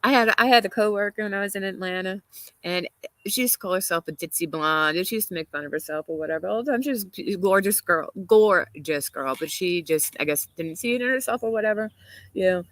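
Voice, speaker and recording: A woman's voice: mid-range voice, fairly quick, a bit bright, dry recording, low-quality recording. A woman hosting a casual livestream, talking through viewer comments in an opinionated, chatty way and laughing often. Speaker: livestream host. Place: outdoors in a garden.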